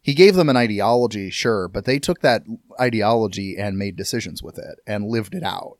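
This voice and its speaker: A man's voice: on the low side, moderate pace, dry recording, studio quality. A man co-hosting a casual discussion podcast, talking animatedly with frequent restarts and the odd curse. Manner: animated, rambling with restarts and swearing. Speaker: podcast co-host.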